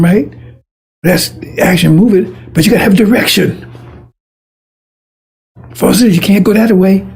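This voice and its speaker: A man with a high-pitched, gravelly voice preaches in a loose, rambling way. His tone is raspy and husky, and he hammers his points home with repetition. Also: darkish tone. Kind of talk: informal sermon.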